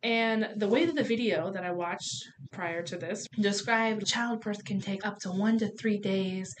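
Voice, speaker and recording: A woman guest on a casual podcast, telling a story in an animated way, swearing freely and acting out the people in it. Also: medium pitch, a little slow, slight background noise.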